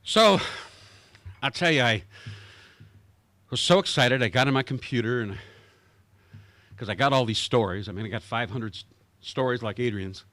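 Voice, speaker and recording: A man from Iowa giving a lively guest speech at a club meeting, acting out the people he quotes. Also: mid-range voice, moderate pace, pauses often, no echo. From Iowa, USA. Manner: animated, acts out the people he quotes. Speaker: guest speaker. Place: country club meeting room.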